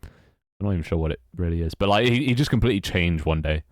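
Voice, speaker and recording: A man's voice: deep voice, animated, quick pace, no echo, clean studio sound. A young British man chatting casually and wryly while he works on his game, rambling from one thought to the next. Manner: rambling, wry, self-mocking. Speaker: game developer streamer. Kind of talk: casual live-stream chat while working.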